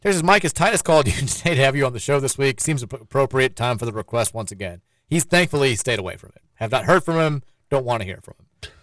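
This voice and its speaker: Fast-talking male sports radio host. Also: medium pitch, a bit bright, no echo. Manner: reads listener texts aloud, quick rambling delivery. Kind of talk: casual sports talk.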